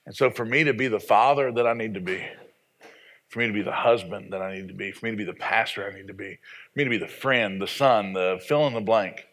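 A man's voice: lowish voice, fast talker, fairly bright tone. A man in his forties from the American South, a pastor preaching a sermon in a folksy, self-deprecating storytelling way. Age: 40s.

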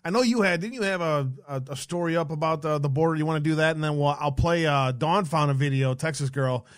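A man's voice: on the high side, quick pace, no echo, studio quality. A man co-hosting a casual political livestream, reading headlines aloud and mocking them with sarcastic, profane asides. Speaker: podcast co-host.

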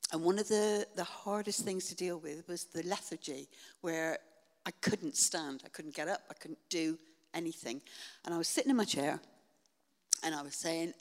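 An older woman giving a personal church testimony in an earnest, halting way with many pauses and fillers. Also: low voice. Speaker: church member sharing testimony. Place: church hall. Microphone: shared handheld mic. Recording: echoey church hall.

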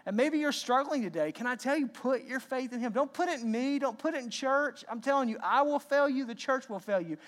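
Animated male pastor preaching. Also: very high-pitched, a little fast, hardly any pauses. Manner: animated, repeats words, acts out God's lines. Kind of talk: sermon.

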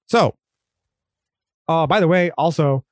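A man's voice: a little high, slow pace, no echo, studio quality. A man hosting a podcast, talking in a profane, rambling, conversational way. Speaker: podcast host. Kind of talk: casual podcast monologue.

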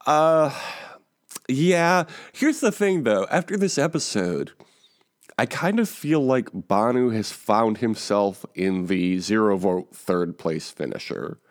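A man hosting a casual podcast, joking around and tossing mumbled asides between louder bits. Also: lowish voice, animated, slow. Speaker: podcast host.

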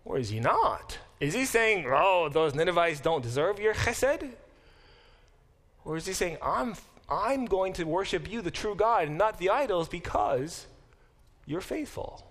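A middle-aged man teaching a Bible class to students, thinking aloud with quick restarts and questions to the room. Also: high-pitched, big pitch swings, a bit bright. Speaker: Bible professor. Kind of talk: classroom lecture.

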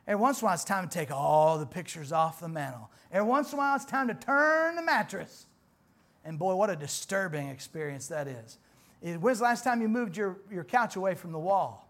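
A man, preaching a sermon in church in a folksy, conversational way that swells louder on emphatic points. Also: high-pitched, big pitch swings, fairly quick. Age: 40s. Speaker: pastor.

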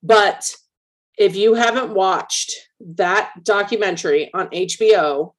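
Female podcast co-host, mid pitch, frank and opinionated, casual swearing. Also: takes it slowly. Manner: blunt, opinionated, swears freely. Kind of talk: casual chat.

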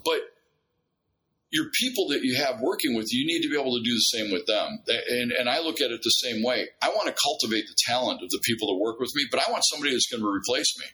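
Animated storytelling man, bright voice. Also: medium pitch, quick pace, low-quality recording. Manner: animated storyteller, acts out dialogue, many restarts. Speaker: guest. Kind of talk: storytelling in casual conversation.

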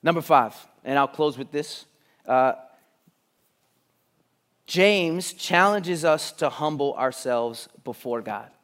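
A man preaching a sermon in an auditorium, dropping to near-whispers on key lines and building to loud, emphatic runs. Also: on the high side, slow pace, long pauses. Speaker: pastor.

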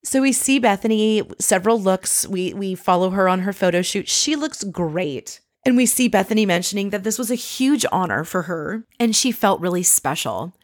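A woman's voice: medium pitch, expressive, moderate pace, hardly any pauses, no room sound, studio quality. A woman hosting a casual, chatty recap with wry, sarcastic asides. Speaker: podcast host recapping a reality show.

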